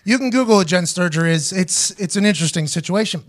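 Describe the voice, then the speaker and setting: Man, 30s, podcast host, high voice, rapid-fire, profane storytelling. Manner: animated, profane, acts out quotes. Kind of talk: casual storytelling chat.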